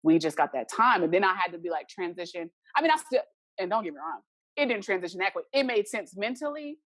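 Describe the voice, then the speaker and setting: A woman's voice: lowish voice, expressive, quick pace, fairly bright tone, no echo. A young adult woman, a podcast guest, earnestly telling a personal story and acting out the remembered dialogue.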